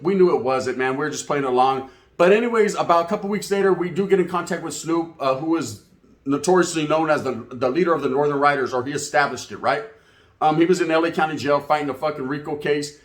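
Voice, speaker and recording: A man's voice: on the high side, fairly bright tone, reverberant. A man telling a casual story to his channel's viewers in profane, slangy street talk. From California. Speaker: YouTube channel host.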